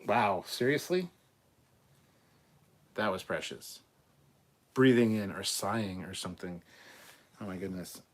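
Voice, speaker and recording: A man hosting a live stream, reading out viewer comments and giving blunt, opinionated answers, often clearing his throat and stumbling over words. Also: low-pitched, measured pace, pauses often. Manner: blunt and opinionated, swears casually. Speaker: host of a live show.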